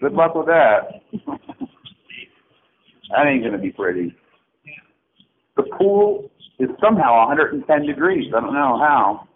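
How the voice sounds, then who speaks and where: Speaking a little slowly and pausing often, a middle-aged man with a medium pitch and wildly swooping intonation leaves an angry, rambling phone message. His rant is profane, mocking, and erratic with sarcastic swings, and the tinny phone line has a faint hiss.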